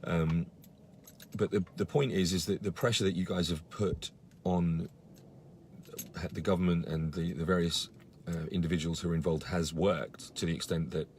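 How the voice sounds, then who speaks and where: A man's voice: sits low, fairly even intonation, moderate pace, slight background noise. A man giving a casual live-stream update to followers, earnest and indignant, with many fillers and restarts. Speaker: campaigner on a live video.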